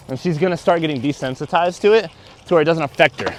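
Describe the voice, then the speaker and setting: A young man, a dog trainer, talking casually through each step of a training session while walking his dog outdoors. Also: fast talker. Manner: explains steps aloud, breaks into high excited praise for the dog. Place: outdoors on a walking path and grass.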